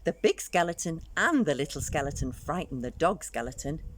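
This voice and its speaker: A woman's voice: low-pitched, lively intonation, moderate pace, a little hiss or hum. A woman teacher reading a picture book aloud to young children, speaking directly to her listeners as she goes.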